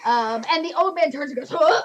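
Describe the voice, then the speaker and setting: A woman's voice: high voice, brisk, highs cut off, very noisy. A woman narrating a tabletop game as game master, chatty and laughing often, with lots of fillers.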